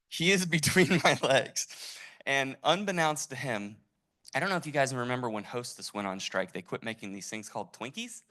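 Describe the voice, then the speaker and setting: A man sharing an animated personal story at a tribute gathering, laughing as he talks. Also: mid-range voice. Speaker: event attendee sharing a memory.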